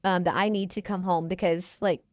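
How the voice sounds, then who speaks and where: A woman's voice: on the low side, steady tone, moderate pace, darkish tone, dry recording, studio quality. A woman in her twenties, a podcast guest telling her story in a casual, chatty way and acting out the people she quotes. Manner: chatty, quotes people in their own voices.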